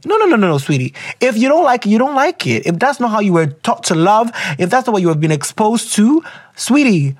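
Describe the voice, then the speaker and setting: A man's voice: high voice, very animated, brisk, husky. A young Ghanaian man with a Ghanaian accent, hosting an advice show and reading listeners' letters in a playful, teasing way. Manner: playful and teasing, with pet names. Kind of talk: casual advice chat.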